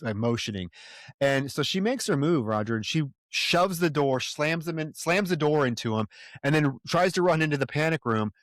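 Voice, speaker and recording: A man's voice: fairly high pitch, dry recording, studio quality. A man co-hosting a film podcast, animatedly retelling scenes in casual chat and swearing freely. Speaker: podcast co-host.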